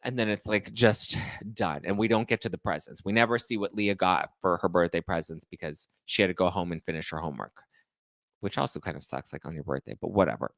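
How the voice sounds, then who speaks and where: Chatty low-voiced man dishing gossip. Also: fairly quick, vocal fry, fairly bright tone, dry recording. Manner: chatty, full of "like" fillers, sarcastic asides. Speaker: pop culture podcast host. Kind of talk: casual gossip commentary.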